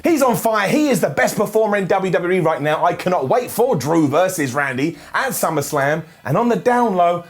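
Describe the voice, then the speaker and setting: A man delivers an energetic, jokey review with plenty of sarcasm. His voice sits high and swings widely in pitch. Faint music plays underneath. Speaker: wrestling show reviewer and host. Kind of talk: energetic video review commentary.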